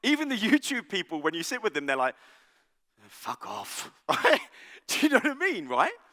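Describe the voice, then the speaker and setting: A man delivers an animated conference keynote with a high, lively voice that swoops up and down. He talks in a bright, joking and conversational way, often checking in with the audience. His voice carries a long reverb from a large hall. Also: fast talker. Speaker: conference speaker. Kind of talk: keynote talk.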